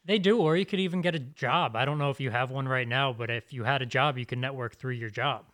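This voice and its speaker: A man's voice: mid-range voice, fast talker, a bit bright. A man co-hosting a podcast, adding brief offhand comments. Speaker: podcast co-host. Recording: off-mic, from a distance.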